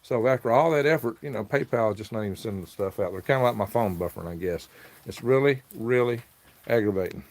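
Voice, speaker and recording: A man's voice: fairly low pitch, quick pace, darkish tone. A man hosting a casual livestream, telling a rambling, aggrieved story. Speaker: livestream host selling worms.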